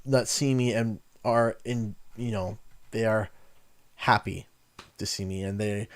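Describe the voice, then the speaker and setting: A man's voice: on the low side, fairly even intonation, measured pace. A young Canadian man chatting casually on a gaming livestream, telling friendly, rambling stories. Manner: rambling, friendly storyteller who acts out quotes. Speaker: gaming streamer.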